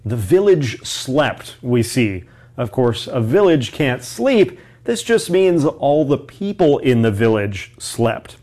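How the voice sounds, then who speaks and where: A man teacher slowly explaining story words for English learners, with light jokes. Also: mid-range voice, very animated, a little mellow.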